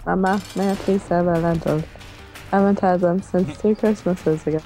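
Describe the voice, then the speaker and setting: A polite little waif begs for a bite to eat, as a woman puts on the voice. The voice sits low and mellow, soft and pleading. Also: steady tone, moderate pace, faint music behind, close to an everyday voice, poor audio. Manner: pleading, timid. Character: polite starving waif begging for food.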